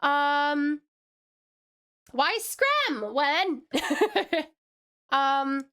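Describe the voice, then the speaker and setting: A woman's voice: sits high, lively intonation, extremely slow, fairly bright tone. An Australian woman from Tasmania chatting casually on a live stream, bubbly and greeting her chat with pet names.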